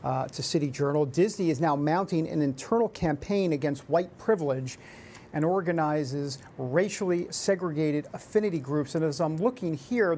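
A man with a New York accent from the Upper West Side, hosting a political talk show in a chatty, emphatic way with animated asides. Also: high-pitched.

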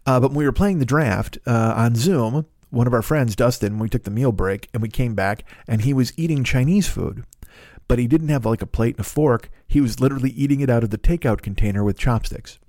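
A man's voice: mid-range voice, fairly quick, a little mellow, no room sound, clean studio sound. A man in his fifties hosting a solo podcast, telling rambling, profane, self-mocking comic stories in casual chat. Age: 50s. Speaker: podcast host.

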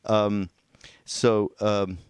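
Lowish smooth-voiced man telling a story. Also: level tone, extremely slow, a little mellow, no echo. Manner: rambling, hesitant, laughs while telling a story. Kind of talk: casual conversation, reading from an article.

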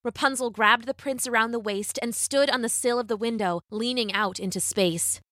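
Bright-voiced woman reading a storybook. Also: on the high side, no room sound, clean studio sound. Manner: expressive, measured reading.

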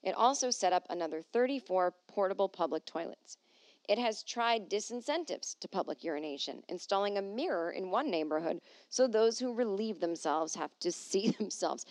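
A woman hosting a comedy podcast from home, moving between reading aloud and quick sarcastic asides. Her voice sits at a middle pitch, and the animated delivery is recorded dry and close. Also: no room sound. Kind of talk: casual comedic monologue.

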